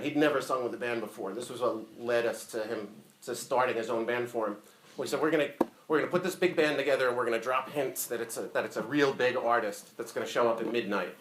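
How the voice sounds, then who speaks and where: A man giving a casual, profane, animated eulogy full of stories at a memorial. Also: mid-range voice, a little hiss or hum. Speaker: eulogy speaker. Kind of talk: funeral eulogy storytelling. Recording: echoey room.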